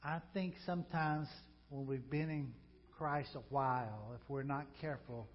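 A man preaching a sermon as pastor, conversational and emphatic, moving from loud emphasis to quiet reflection, with joking asides. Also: mid-range voice, moderate pace, muffled recording.

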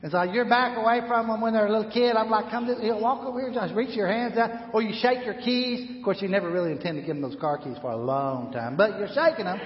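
Older pastor preaching in an echoing hall. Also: male voice, high-pitched, animated, quick pace, slight background noise. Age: 60s. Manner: call-and-response, leading the congregation in repeated phrases; storytelling with rising emphasis. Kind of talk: sermon. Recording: roomy hall reverb, slightly dull sound.

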